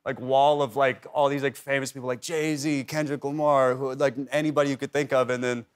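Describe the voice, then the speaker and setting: A man's voice: mid-range voice, little pitch movement, brisk, smooth. Rambling young man telling stories. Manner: rambling storyteller, heavy on "like" and restarts. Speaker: talk show guest. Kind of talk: casual chat. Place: TV studio.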